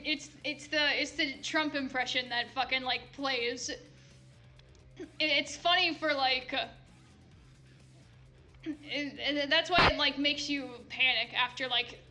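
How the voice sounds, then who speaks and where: A young woman reads fanfiction aloud for laughs. She rambles, swears and cuts herself off mid-thought. Her voice is high and bright, with faint music behind it. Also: steady tone, a little slow, long pauses. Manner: rambling, swearing, self-interrupting. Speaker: fanfic reader. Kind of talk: casual comedic reading.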